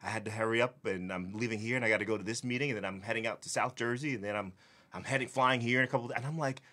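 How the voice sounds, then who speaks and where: A man's voice: mid-range voice, very fast, sharp tone. A man co-hosting a casual local podcast, friendly and teasing, steering the chat along. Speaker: podcast co-host.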